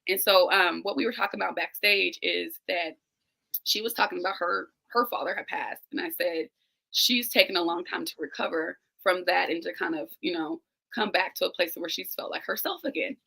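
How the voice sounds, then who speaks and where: Gravelly woman in her thirties, earnest. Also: lowish voice, moderate pace, sharp tone, rough recording. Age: 30s. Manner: earnest, emotional, addresses listeners directly. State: close to tears. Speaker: guest, teacher and business owner. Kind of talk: candid personal conversation. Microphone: remote live-stream call.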